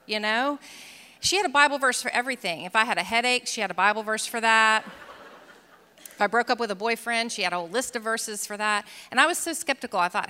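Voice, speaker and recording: A woman giving a personal testimony, telling her story earnestly and dropping to a soft hush at painful moments. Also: a little high, brisk, clear, resonant tone. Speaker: speaker sharing her testimony. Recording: long reverb of a large hall.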